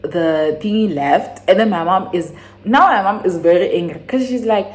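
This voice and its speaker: A young South African woman with a South African accent, casually retelling a personal story in a rambling, animated way, jumping to sudden high exclamations. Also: moderate pace. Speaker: YouTuber.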